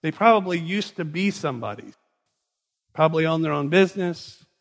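Animated preacher man in an echoing hall. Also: fairly high pitch, moderate pace. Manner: conversational, animated storytelling. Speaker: pastor. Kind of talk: sermon. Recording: long reverb in a large hall.

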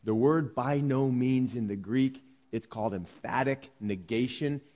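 A man preaching a sermon, moving between lively storytelling and calm Bible teaching to a congregation. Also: medium pitch, a little slow. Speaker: pastor. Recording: long hall reverb.

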